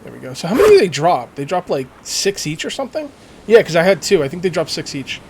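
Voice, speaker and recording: A man talking his way through a survival game, chatty and a little scattered, with jokey asides. His voice sits a bit higher than most men's, and a faint game ambience hums underneath. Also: wildly swooping pitch, fast talker, background noise. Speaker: let's play gamer. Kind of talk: casual gameplay commentary.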